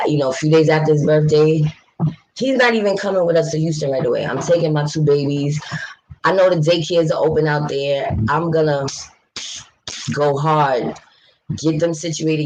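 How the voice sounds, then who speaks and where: A woman's voice: deep voice, a little mellow, slight background noise, low-quality recording. Blunt, fiery New woman streaming. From New York City. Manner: blunt, passionate, swears freely; talks straight to viewers, reads chat aloud. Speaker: livestream host. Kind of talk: casual livestream chat.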